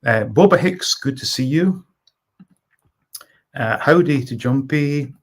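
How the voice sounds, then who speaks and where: A man's voice: mid-range voice, animated, slow. A middle-aged man from Scotland hosting a casual live stream, reading viewer comments aloud and greeting chatters by name.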